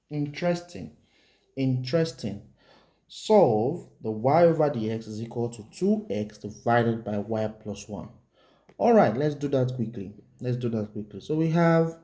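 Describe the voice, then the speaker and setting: Male maths tutor, relaxed dark tone, repetitive and checking in with the viewer. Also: mid-range voice. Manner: repetitive, asks the viewer rhetorical check questions; writes on the board while explaining. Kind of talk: whiteboard maths lesson.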